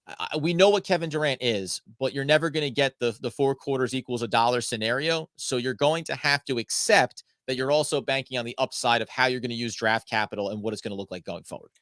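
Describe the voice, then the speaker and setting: A man's voice: mid-range voice, fast talker, few pauses, fairly bright tone, dry recording, clean studio sound. A man hosting a sports podcast, talking casually, rambling and correcting himself as he goes. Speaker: podcast host.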